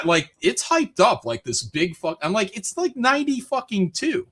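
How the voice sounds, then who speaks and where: Man host from Michigan, somewhat high, bright voice, rambling swearing rants in loose chat. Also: wildly swooping pitch, normal speed, hardly any pauses, husky. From Michigan, USA. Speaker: streamer host. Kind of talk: casual chat.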